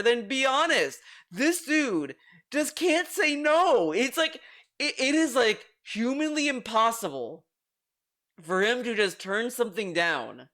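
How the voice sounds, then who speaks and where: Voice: mid-range voice, a bit bright. A streamer giving exasperated, ranting commentary on a video, swearing freely. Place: home streaming room.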